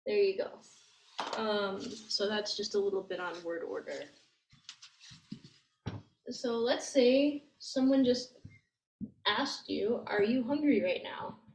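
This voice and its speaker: A woman teaching language grammar, explaining step by step in a patient way and thinking aloud with many fillers. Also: a little high. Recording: echoey room with faint noise.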